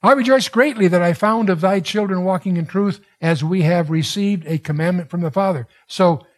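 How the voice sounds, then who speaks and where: A man's voice: fairly high pitch, darkish tone, breathy edge. An older man teaching through a Bible passage verse by verse, reading scripture aloud and asking his listeners questions in a conversational way. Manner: conversational, asks the audience questions.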